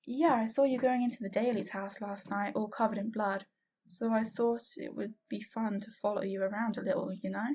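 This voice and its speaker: A woman reading as a mysterious teenage girl, teasing and soft-cooing, with a husky, breathy tone. The recording is dull and lo-fi. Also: medium pitch, steady tone, brisk, close to an everyday voice.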